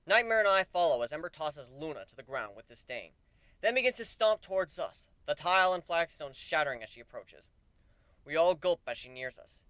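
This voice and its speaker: Animated young-sounding male storyteller. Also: fairly high pitch, fairly quick, clear, resonant tone, no echo. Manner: animated, swings from deadpan to yelling. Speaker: narrator. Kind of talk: dramatic reading of a story.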